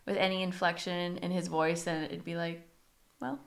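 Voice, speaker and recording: Relaxed woman co-hosting a book chat. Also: on the low side, normal speed, gravelly. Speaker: podcast co-host.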